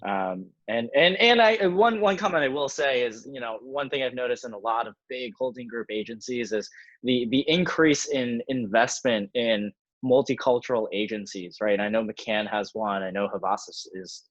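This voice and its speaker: A man's voice: mid-range voice, moderate pace, a bit bright, no room sound. A man hosting a casual video call discussion, speaking in an upbeat, encouraging way. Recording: dry, muffled lo-fi audio.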